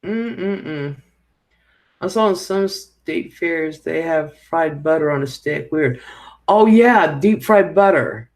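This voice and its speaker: A man's voice: fairly high pitch, slow pace. A middle-aged man, hosting a casual live stream and chatting with viewers in a rambling way, swearing when annoyed. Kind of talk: casual live chat reading viewer comments.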